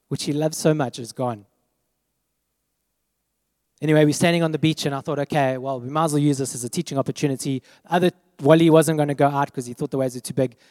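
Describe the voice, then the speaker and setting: A man preaches through a personal story in an animated way, acting out the voices of the people in it. His voice sits a little high for a man. The sound is close and dry, yet a long hall reverb hangs behind it. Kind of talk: storytelling sermon.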